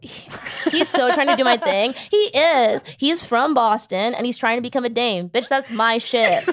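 A woman's voice: fairly high pitch, moderate pace. A woman co-hosting a podcast in casual chat, playful and jokey, laughing often. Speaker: podcast co-host.

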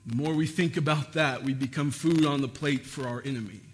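A man's voice: medium pitch, a little fast. A man preaching a sermon, asking his listeners questions and building to emphatic, repeated phrases. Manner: asks the audience questions. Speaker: pastor.

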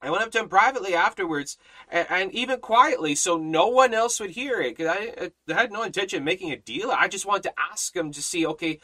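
A man's voice: sits high, a little fast, few pauses, sharp tone, low-quality recording. A man teaching a Bible study in a sermon style, emphatic, repeating phrases and restarting often.

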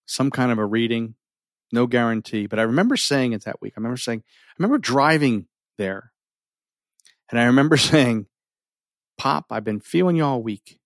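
A middle-aged man telling a personal story with earnest feeling, often sinking his voice low and holding back tears. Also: dry recording, studio quality. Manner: earnest, emotional, often drops to near a whisper. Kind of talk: personal story told to an audience.

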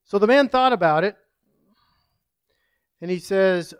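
A man's voice: sits high, a little slow, clean tone, dry recording, clean studio sound. A male pastor preaching a sermon, praying and telling a folksy story in an earnest manner.

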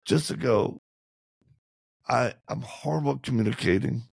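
A man, an interview guest, telling candid and humorous stories in conversation and acting out quotes in lively voices. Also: medium pitch, moderate pace, creaky, slightly rough, no echo, studio quality. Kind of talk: animated storytelling in conversation.

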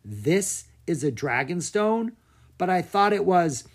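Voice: medium pitch, big pitch swings, slow, voice pushed up, heavily acted. A narrator voicing an earnest young girl in a children's storybook, who talks in a pleading way.

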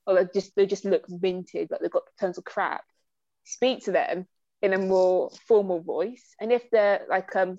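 A woman's voice: fairly low pitch, gravelly, darkish tone, dry recording. A woman co-hosting a podcast in casual chat, blunt and swearing, often restarting her words. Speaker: podcast co-host. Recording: slightly dull, muffled sound.

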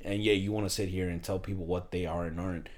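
A man's voice: sits low, fairly even intonation, quick pace, a little mellow. A man in casual podcast chat, ranting emphatically and swearing freely.

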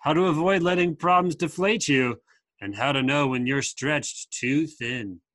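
A man's voice: fairly high pitch, measured pace, fairly bright tone, no echo, studio quality. A man voicing a laid-back young male surfer dude, reading aloud in an upbeat, sing-song drawl. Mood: breezy.

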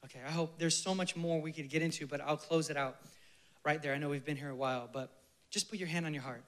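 A preacher delivering a sermon in a somewhat higher voice, full of fervent conviction. He drives his points home with loud emphatic bursts, then drops to a soft, breathy near-whisper. He leads the listeners in prayer with slow, reverent phrasing. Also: fairly even intonation.

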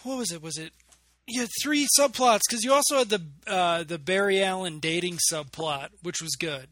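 Bright, high-voiced enthusiastic man. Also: normal speed, no echo, studio quality. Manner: enthusiastic, brief interjections. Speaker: podcast co-host. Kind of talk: casual podcast chat.

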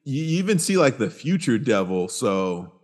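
A man's voice: mid-range voice, sing-song, moderate pace. A man hosting a casual podcast chat, talking in a loose, laid-back way with plenty of swearing and frequent laughs. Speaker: podcast host.

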